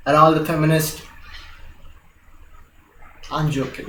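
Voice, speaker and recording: Sitting by a window at home, a young gaming vlogger from India chats loosely about his week at a measured pace, often laughing and cursing without restraint. His slightly high voice carries Indian English with British-leaning vowels, and the recording has some hiss or hum, an echoey room sound, and faint music.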